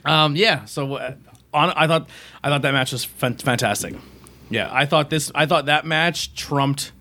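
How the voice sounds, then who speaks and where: A man's voice: fairly high pitch, measured pace, pushed and bright. A man hosting a casual wrestling podcast, rambling and self-mocking, loose and profane. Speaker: podcast host. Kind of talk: casual chat.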